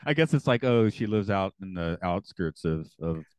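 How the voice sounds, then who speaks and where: A man co-hosting a podcast, chatting casually and halting with frequent restarts. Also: sits low, animated, smooth, no echo. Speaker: podcast co-host. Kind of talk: casual chat.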